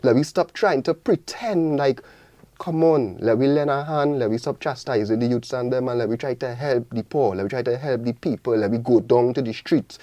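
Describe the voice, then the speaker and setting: A man's voice: mid-range voice, moderate pace, dark tone. A young man with a strong Trinidadian accent speaks in a radio studio. He drives his points home with passionate, repeated rallying lines, and the dry room adds no echo. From Trinidad and Tobago. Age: young adult. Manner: passionate, preachy, repetitive rallying calls. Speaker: guest artist. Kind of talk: radio interview.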